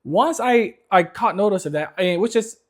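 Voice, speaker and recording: Upbeat guy in his 30s, kinda high voice, rambles and restarts a lot, casual vlog chat. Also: lively intonation, normal speed. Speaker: vlogger.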